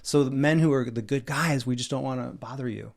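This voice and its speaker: Man, dating coach guest, gravelly voice, enthusiastic, emphatic, storytelling. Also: medium pitch, a little fast. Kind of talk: casual podcast interview.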